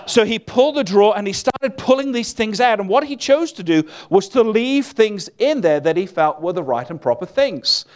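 A man preaching a sermon in a conversational, humorous storytelling manner. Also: sits high.

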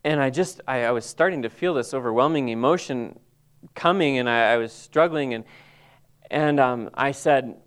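A middle-aged man telling a halting, emotional personal testimony to a group, full of restarts and pauses. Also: mid-range voice, clean tone. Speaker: Bible college staff member.

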